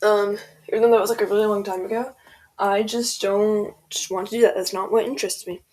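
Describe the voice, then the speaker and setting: A teenage girl with a medium-pitched, slightly mellow voice rambles through a casual storytime over gameplay. The gaming video creator fills her speech with "like" and "um" and quotes people in voices as she goes.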